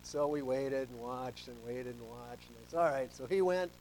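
A middle-aged man preaching a sermon as pastor, telling stories and swinging between soft asides and loud emphasis. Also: medium pitch, normal speed, a little hiss or hum, low-quality recording.

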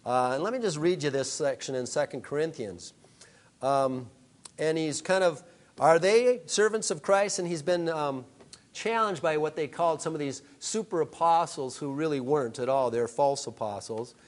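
A man preaching a sermon, telling stories with frequent halting restarts. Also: fairly high pitch. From Upper Midwest of the USA. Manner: halting storytelling with many restarts. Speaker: pastor.

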